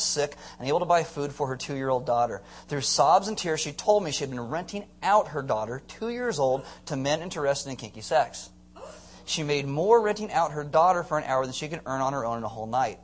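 A male pastor giving a sermon to a congregation, telling stories in a joking, animated way and acting out voices. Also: on the high side, breathy edge. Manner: joking, animated storyteller who acts out voices. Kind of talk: sermon with storytelling. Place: church before a live congregation.

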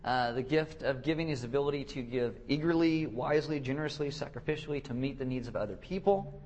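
A young man preaching a casual, joking sermon who restarts his sentences and keeps acting out quick voices to make his point. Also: mid-range voice, a little mellow. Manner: joking, self-deprecating, acts out quick voices; halting restarts and repeated words. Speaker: pastor.

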